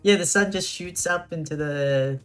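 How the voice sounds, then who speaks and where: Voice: mid-range voice, moderate pace, a bit bright, faint music behind. A streamer chatting casually during a live gameplay stream, laughing often and reacting to chat.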